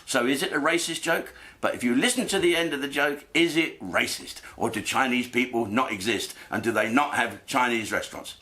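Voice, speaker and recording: A man doing a crude, swearing comedy monologue, telling stories with lively delivery. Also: mid-range voice, normal speed.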